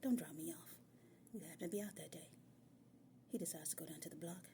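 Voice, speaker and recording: A woman's voice: lowish voice, fairly quick, vocal fry, a little hiss or hum. A woman telling a personal story in a casual, colloquial way, calling her listeners "y'all" and often dropping into whispered asides. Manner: lively, drops into whispered asides.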